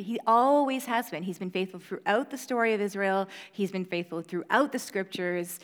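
A young woman, a mother, giving an earnest, conversational Bible teaching with casual fillers. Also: medium pitch. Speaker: preacher. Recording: reverberant hall.

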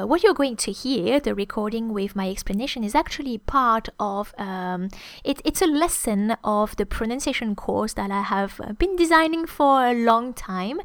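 A woman's voice: on the high side, no room sound. A woman hosting a podcast language lesson, explaining at length with many hesitant fillers. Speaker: French teacher, podcast host.

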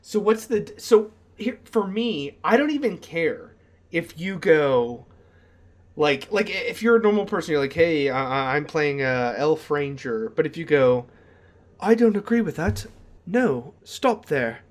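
A man co-hosting a casual podcast chat, animated and excitable, tripping over many "like" fillers and restarts. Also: on the high side, a little slow. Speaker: podcast co-host.

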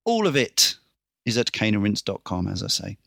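A man hosting a casual podcast, briskly reeling off a list with dry little asides. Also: lowish voice, big pitch swings, gravelly, a bit bright, dry recording. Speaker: podcast host.

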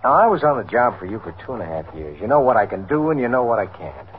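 A frank, slightly weary police lieutenant in an old radio drama. His voice sits low but moves a lot as he talks earnestly. It comes through a thin, phone-like old broadcast with faint hiss. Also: sing-song, fast. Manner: earnest, plain-spoken, a little weary. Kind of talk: 1950s radio drama acting.

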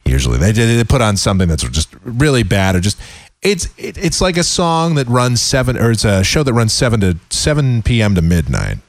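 Brief: snarky male talk-radio host, animated rant, close and dry. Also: medium pitch, brisk, no echo. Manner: sarcastic, ranting, lively.

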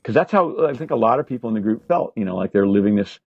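An older man in his sixties telling animated stories as a guest, swearing freely and filling gaps with fillers. His voice is husky at a middle pitch. The sound is dry and slightly lo-fi. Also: fast, no room sound. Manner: profane, animated anecdotes with many fillers. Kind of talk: casual storytelling interview. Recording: slightly dull lo-fi audio.

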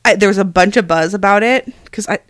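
A woman co-hosting a casual conversation, chatty and animated, laughing often as she talks. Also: medium pitch, fast talker, no room sound, clean studio sound. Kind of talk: casual chat.

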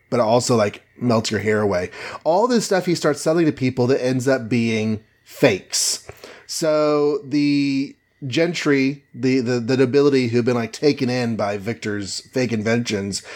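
Chatty man recapping a comic. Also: medium pitch. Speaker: podcast co-host. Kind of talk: casual comic-book recap.

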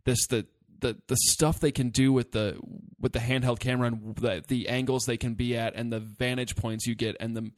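A man co-hosting a casual movie discussion, talking in an animated, rambling way and swearing freely. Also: medium pitch, normal speed, hardly any pauses. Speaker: podcast co-host.

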